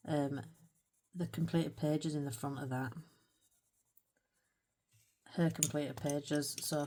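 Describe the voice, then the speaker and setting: A British woman with a low voice hosts a colouring channel and chats casually while she colours. She rambles, pokes fun at herself and lets out little laughs.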